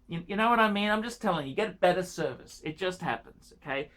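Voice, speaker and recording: A man's voice: sits high, animated, quick pace, a bit bright. A man giving watch-buying advice in a casual rant, pushy and pleading, repeating himself and throwing in crude jokes.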